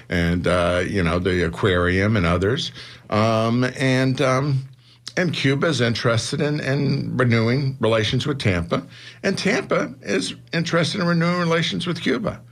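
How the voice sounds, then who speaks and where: A man, a newspaper publisher, explaining his views earnestly as a guest in a radio interview. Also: mid-range voice. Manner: earnest, explanatory, builds to rhetorical questions. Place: radio studio.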